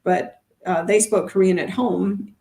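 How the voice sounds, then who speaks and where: A middle-aged woman chatting casually as co-host of a teaching livestream. Her voice sits at a middle pitch with a gravelly fry, and she talks in loose, meandering sentences full of fillers. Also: fairly even intonation, measured pace, warm tone. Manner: chatty, thinks aloud with many fillers.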